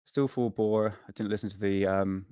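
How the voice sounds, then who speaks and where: A man's voice: fairly low pitch, steady tone, moderate pace, dark tone, smooth, no room sound, clean studio sound. A man hosting a casual live stream, rambling and swearing freely, worn out and burnt out, chatting to viewers. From United Kingdom.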